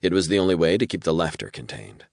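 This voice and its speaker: Deep-voiced male audiobook narrator. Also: very animated, fast talker, gravelly, no room sound, studio quality. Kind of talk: scripted narration.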